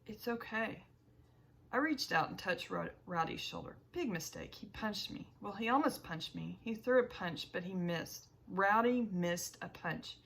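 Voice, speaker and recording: A woman narrating an audiobook in the first person, with a measured reading and small self-corrections. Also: fairly low pitch, animated, gravelly, fairly bright tone, breathy edge, poor audio.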